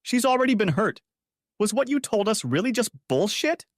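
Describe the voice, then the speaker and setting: A shrill, indignant woman pleads with a friend in an audiobook story, as a male narrator puts her on. Her lines leap high and swing widely, and the sound is dry and close. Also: sing-song, normal speed, a bit bright, no echo. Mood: furious. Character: distraught adult woman friend.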